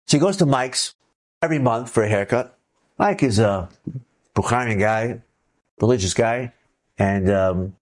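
A man telling a story to a live audience in a casual, lively way, acting out the people he quotes. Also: fairly low pitch.

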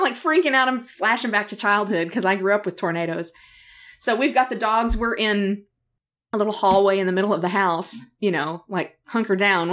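A middle-aged woman co-hosting a podcast, telling a story in a casual, animated way with frequent laughter and acted-out quotes. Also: medium pitch. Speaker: podcast co-host.

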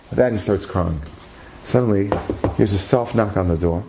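A man's voice: normal speed, creaky, background noise. A man telling a religious story aloud, acting out what the people in it say and lifting his voice at the tense turns. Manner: animated, rises in pitch at dramatic moments; acts out characters' lines in his own voice.

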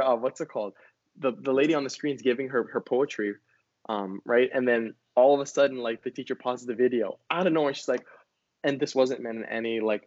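A young man from Hawaii talks openly in a casual conversation, laughing easily and slipping into playful voices when he quotes people. His voice sits at an ordinary pitch. The recording is dry and a little dull. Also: dry recording. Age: young adult. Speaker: student.

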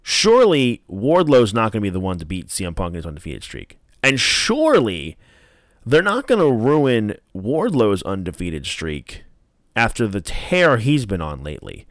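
A man's voice: lowish voice, huge pitch swings, moderate pace, no room sound, studio quality. A young man casually reviewing wrestling as a podcast host, rambling with many fillers and acting out quotes.

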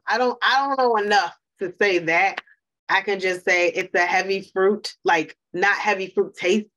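A woman's voice: fairly low pitch, a bit bright. A woman co-hosting a casual podcast, thinking aloud hesitantly about wine. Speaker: podcast co-host. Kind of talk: casual chat.

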